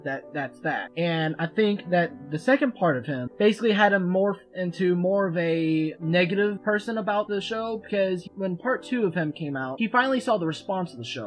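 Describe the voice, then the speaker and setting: A young man hosting a casual podcast, explaining his views in long, steady stretches over a home microphone. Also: on the high side, rough recording. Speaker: podcast host.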